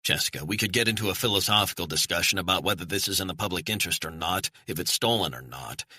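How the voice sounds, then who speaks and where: A man's voice: sits low, fast, pushed and bright, husky, no room sound, heavily acted. A man voicing an earnest journalist urging a skeptical colleague to believe his source. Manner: earnest, persuasive.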